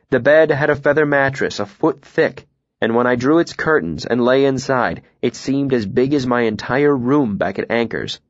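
A man reading a first-person novel aloud in a calm, even, reflective way. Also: mid-range voice, no echo, highs cut off. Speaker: audiobook narrator.

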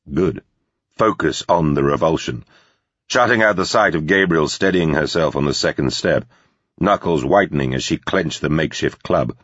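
A man narrating a thriller audiobook in a measured, grave way. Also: rumbling low, a bit bright, husky, dry recording. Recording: dull, slightly lo-fi recording.

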